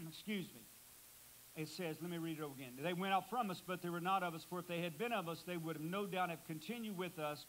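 A man preaching a sermon in a church, emphatic and rising in pitch on key words. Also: fairly bright tone, a little hiss or hum, low-quality recording. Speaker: guest preacher.

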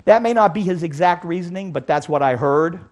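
A man giving an animated sermon-style Bible lecture, asking his audience rhetorical questions. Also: fairly high pitch, fairly quick. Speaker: Bible teacher.

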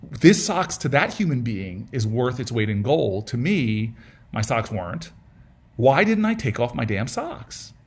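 Speaking as a guest senator in a relaxed fireside chat, a middle-aged man shares a personal story that is both sincere and funny, full of restarts and repeated words. He has a medium-pitched, very animated voice and a measured pace.

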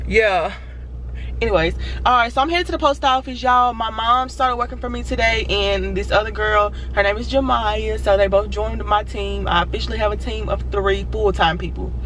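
A young woman talks to her vlog viewers in a chatty, excited way, calling them y'all. Her voice sits at a middle pitch, and a faint background hiss runs under the recording. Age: 20s. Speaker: vlogger and small business owner. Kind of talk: casual vlog chat.

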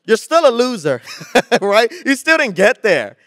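A young man preaching to a youth group in a slangy, energetic style with call-and-response. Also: extremely high pitch, unhurried, no room sound, studio quality. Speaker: youth pastor. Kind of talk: sermon.

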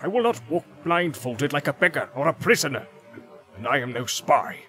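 A man voicing a stubborn, proud male dwarf warrior in an audio drama, speaking gruffly and defiantly over background music. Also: on the high side, animated, normal speed, pitched above the performer's own voice. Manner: gruff, defiant, forceful delivery.

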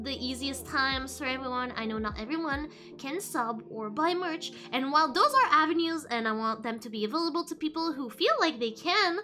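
A woman streamer chats casually to her viewers in a high, bouncy voice that swoops up and down. She is giggly and playful and rambles with many restarts, with soft music playing behind her. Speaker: VTuber streamer. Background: faint background music.

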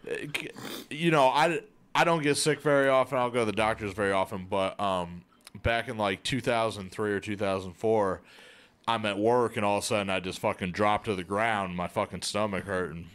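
Low-voiced male guest, loose rambling storyteller, casual and profane. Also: fairly even intonation, a little fast, a bit bright. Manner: rambling anecdote, frequent fillers and swearing. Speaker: podcast guest. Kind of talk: casual chat.

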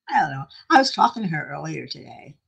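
A husky-voiced older woman talks on a casual livestream, lower-pitched than most, with a voice that rises and falls a lot. She rambles along, self-deprecating and quick to laugh. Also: big pitch swings, a bit bright. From South Florida. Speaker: craft livestream host.

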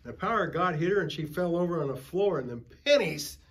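A man's voice: a little high, lively intonation, quick pace. An older man preaching at a Bible study, a folksy pastor who tells stories and calls for amens from the group. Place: church.

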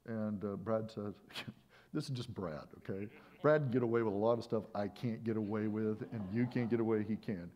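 A male pastor telling a story during a sermon in a conversational, animated way, often restarting his phrases. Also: lowish voice, normal speed, lo-fi sound.

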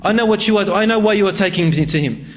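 A man's voice: quick pace, long reverb tail, lightly acted. A man voicing a terrified, remorseful young man who begs in a desperate, raised voice. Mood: pleading, terrified. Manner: desperate, pleading, pitched up.

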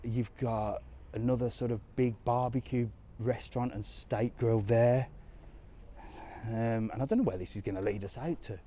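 A chatty man walking outdoors through resort streets, talking into a phone held in his hand. His voice is mellow and relaxed, and faint street noise runs underneath. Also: mid-range voice, normal speed. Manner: chatty, points things out, answers live comments. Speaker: travel vlogger on a live walk. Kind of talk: casual live walking chat.

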